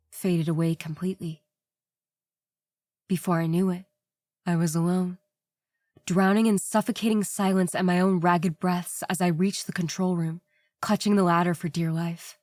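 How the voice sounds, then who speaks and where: A woman with a somewhat low voice reads horror stories aloud in a tense, scripted storytelling style. Faint music plays softly behind her. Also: no room sound, clean studio sound.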